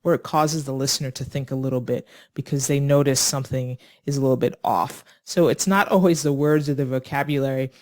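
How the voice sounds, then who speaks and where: English teacher running an esl lesson on small talk, explaining and acting out little example lines, mid pitched voice. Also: steady tone, a little fast, few pauses.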